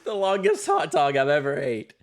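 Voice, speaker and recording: A male podcast co-host chatting casually, sarcastic and quick to laugh. His voice swings up and down with lively intonation. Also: a little high.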